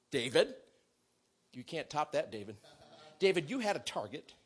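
A man preaching a sermon, telling a story with great animation and acting out the characters, sometimes shouting and sometimes whispering. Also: fairly high pitch, very animated, moderate pace, breathy edge.

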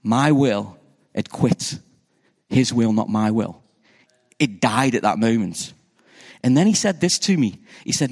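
A man's voice: medium pitch, lively intonation, measured pace, pauses often. A man, a pastor, preaching a conversational sermon that keeps asking the congregation questions. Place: church hall. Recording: reverberant church hall.

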